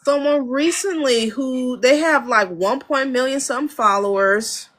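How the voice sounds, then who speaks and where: Frank, animated American woman producer. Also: high voice, a little slow. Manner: animated storyteller, acts out studio dialogue; frank, laughs often. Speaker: audio engineer and producer, guest. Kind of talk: casual interview talk. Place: home studio.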